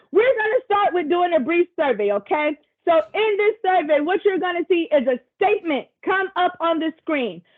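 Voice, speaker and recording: A woman presenter facilitating a virtual workshop over a video call, chatty and encouraging, with casual asides to the group. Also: extremely high pitch. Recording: tinny video call audio.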